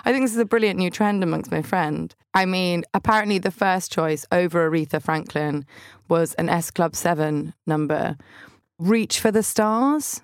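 A woman's voice: fairly low pitch, normal speed, no echo, clean studio sound. A young woman hosting a podcast, telling funny stories about her week in a bubbly, self-deprecating way. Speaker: podcast host. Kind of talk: chatty comic monologue.

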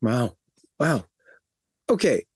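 A man hosting an interview, giving expressive, encouraging prompts and short reactions. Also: medium pitch, drawn-out words, husky, no echo, studio quality. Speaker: interview host. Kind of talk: conversational interview.

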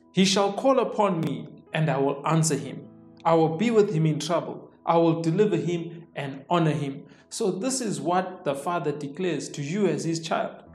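A man's voice: fairly high pitch, a little mellow. A man hosting a daily devotional, preaching fervently and peppering his talk with amens and hallelujahs. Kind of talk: devotional sermon. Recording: echoey room with faint music. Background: faint background music.

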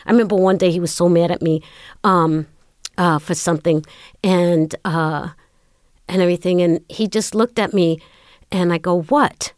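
A woman's voice: on the low side, fairly even intonation, moderate pace, darkish tone, no room sound, clean studio sound. A middle-aged woman being interviewed, in casual chat, telling stories and acting out the exchanges she recalls. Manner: storytelling, acting out quoted exchanges. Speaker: guest.

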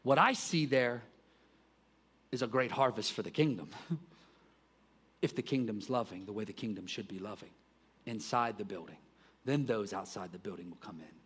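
A man preaching a sermon as pastor, talking conversationally, breaking into loud emphatic bursts, dropping into quiet asides and joking about himself. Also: lowish voice, normal speed, long pauses, slightly rough. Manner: self-deprecating joking.

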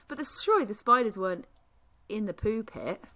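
A woman's voice: medium pitch, lively intonation, sharp tone. Giggly woman in casual podcast chat. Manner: giggly, quick asides. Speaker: podcast co-host.

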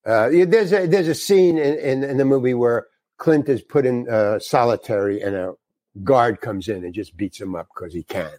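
An older man, a guest actor, telling a frank, animated story and acting out the dialogue in it. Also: mid-range voice, normal speed, dry recording. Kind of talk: anecdotal storytelling.

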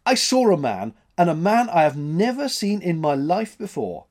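A man's voice: high voice, very animated, normal speed, darkish tone, voice pushed up. A man voicing a frightened, insistent male ship's mate in a spoken story, sounding agitated and pleading. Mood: alarmed, pleading.

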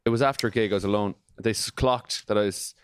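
A man's voice: fairly low pitch, fairly even intonation, quick pace, clean tone. A man from Galway with a Galway accent, hosting a podcast in casual, laid-back chat full of "yeah". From Galway, Ireland. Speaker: podcast host.

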